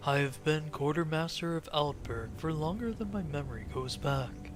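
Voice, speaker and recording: A man's voice: on the high side, normal speed, soft background music, close to an everyday voice. A man voicing a rambling, half-mad old male quartermaster in a fantasy game. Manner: rambling, talks to himself.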